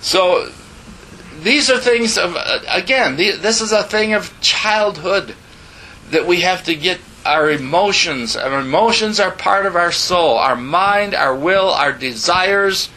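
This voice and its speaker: An older man preaches in a bright, slightly high voice with a gravelly edge. His sermon is folksy and loose, and he often repeats and restarts his words. A faint hum sits under the voice. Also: expressive, takes it slowly, poor audio.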